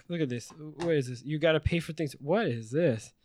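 A man's voice: a little high, moderate pace, a little mellow, slight background noise. A man co-hosting a casual podcast chat, rambling and teasing with plenty of swearing. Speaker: podcast co-host.

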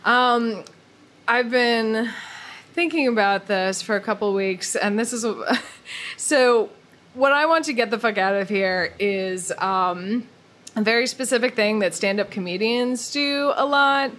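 A woman hosting a podcast in casual chat, chatty and quick to laugh, with lots of agreeing fillers. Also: fairly high pitch, a bit bright. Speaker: podcast host.

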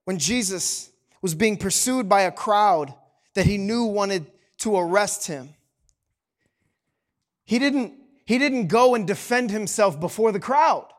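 High-voiced man preaching with passion. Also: lively intonation, slow pace, pauses often. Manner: impassioned preaching, swings between hushed and loud; rhetorical questions to the congregation. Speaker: pastor. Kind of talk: sermon.

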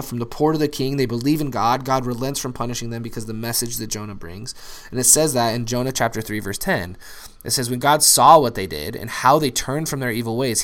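An earnest young man preaches a sermon as a pastor, his voice sitting at an ordinary middle pitch. He tells stories plainly and then climbs into emphatic, repeated peaks. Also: fairly bright tone.

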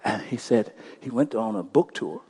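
Husky-voiced male pastor preaching. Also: on the low side, animated, normal speed. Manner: impassioned, swings from loud to hushed. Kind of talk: sermon storytelling.

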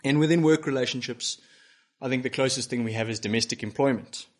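A man's voice: mid-range voice, fast. A man preaching a sermon to a broadcast congregation, earnest and emphatic, pressing his listeners with rhetorical questions. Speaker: pastor. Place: church broadcast to home viewers.

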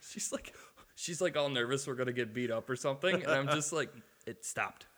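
Man, animated storyteller, bright tone, echoey room. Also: mid-range voice, a little fast. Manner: animated storyteller who acts out quotes, swears. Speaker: podcast co-host. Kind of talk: casual chat, storytelling.

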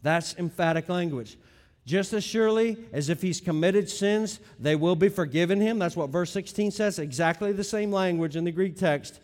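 A middle-aged man preaching a teaching sermon, stressing key words loudly and dropping into quiet asides. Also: sits high, a little fast, long reverb tail. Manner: emphatic, swings between loud stresses and quiet asides. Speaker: pastor.

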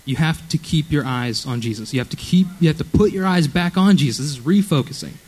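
An earnest young man delivers a youth sermon in a church. His voice sits a little high for a man, and he talks in a casual, conversational way, checking in with his listeners as he goes. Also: animated, brisk, darkish tone, slightly rough, poor audio. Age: young adult. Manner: earnest, conversational, frequent "okay?" check-ins. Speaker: youth preacher.

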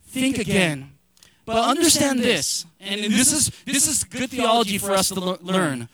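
A middle-aged male pastor giving a sermon, chatty and joking, then rising to shouted emphasis. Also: high voice, sing-song, normal speed, no echo.

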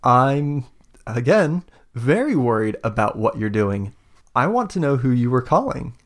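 A man's voice: mid-range voice, big pitch swings, unhurried. A man voicing a threatening female military commander who speaks with silky, patronizing insistence. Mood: silkily menacing.

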